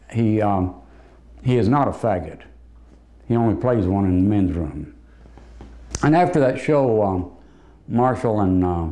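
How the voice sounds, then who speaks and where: Male roast comic, dark low voice, dry hesitant delivery, club stage. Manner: deadpan joke delivery with hesitant fillers. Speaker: roast comedian. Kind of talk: stand-up roast.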